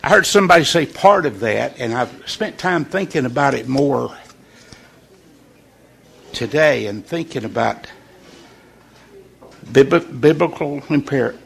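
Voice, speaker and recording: Gravelly man giving a folksy devotional. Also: medium pitch, animated, a bit bright. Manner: folksy and conversational, with deliberate pauses. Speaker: devotional leader. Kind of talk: informal morning devotional talk.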